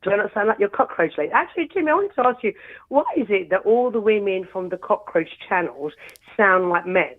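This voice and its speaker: A woman's voice: medium pitch, lively intonation, a little fast. British lady on a tinny phone line, sore throat, chatty and friendly. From United Kingdom. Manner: chatty, friendly, laughing often. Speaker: caller. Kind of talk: phone call-in chat.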